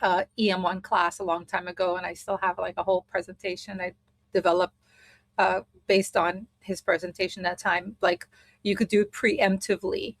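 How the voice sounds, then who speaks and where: A woman's voice: on the low side, little pitch movement, moderate pace, no room sound. A woman teaching a spiritual study group in a casual way, thinking aloud as she explains a method step by step.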